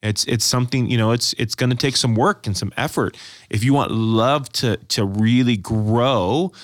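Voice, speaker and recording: A man's voice: medium pitch, moderate pace, dry recording, clean studio sound. A man talking earnestly in a casual faith discussion, often restarting his sentences. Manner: earnest, self-interrupting, many restarts.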